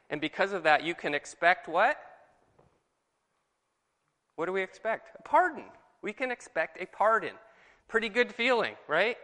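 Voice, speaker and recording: A man leading a conversational Bible lesson, asking his group questions in a lively, animated way. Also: sits high, normal speed, long pauses, big-room sound. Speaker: Bible study leader. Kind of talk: conversational sermon.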